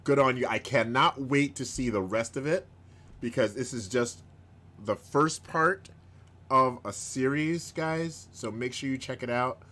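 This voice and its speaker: A man hosting a live stream in casual chat, rambling, chuckling often and bursting into excited outbursts. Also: mid-range voice, a little slow. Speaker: host of a live-streamed show.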